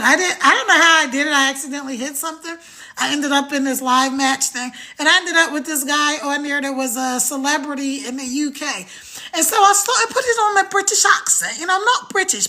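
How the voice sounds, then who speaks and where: A middle-aged woman hosting a live stream, giving an energetic, motivational pitch straight to her viewers. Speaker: live-stream host promoting a program.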